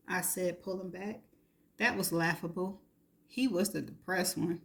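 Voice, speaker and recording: A woman reading a novel aloud in the first person, steady and intimate. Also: fairly low pitch, measured pace, vocal fry. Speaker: reader.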